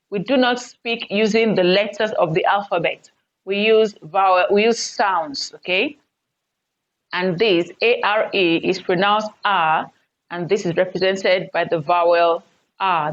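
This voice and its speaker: A woman teaching an English lesson who repeats key phrases and keeps checking with "okay?". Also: medium pitch. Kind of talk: classroom lesson. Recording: dull lo-fi recording.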